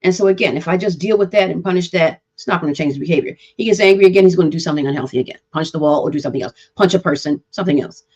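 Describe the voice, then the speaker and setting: A woman's voice: lowish voice, racing, few pauses, darkish tone, slightly rough. A woman hosting a live talk on mental health, explaining to parents and often checking in with "right?". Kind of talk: live-streamed teaching talk. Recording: dull lo-fi stream audio.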